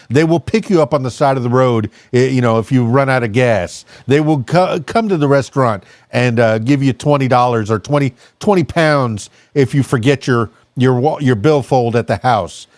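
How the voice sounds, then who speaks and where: A man's voice: mid-range voice, darkish tone, dry recording. A man hosting a podcast interview, chatting casually with a lot of fillers and jokes. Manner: rambling, jokey, many fillers. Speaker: podcast host.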